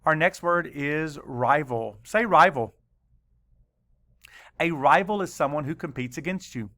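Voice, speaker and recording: A male teacher with a slightly high, pushed, bright voice leads children through a spelling lesson. He spells words slowly, letter by letter, adding dry asides.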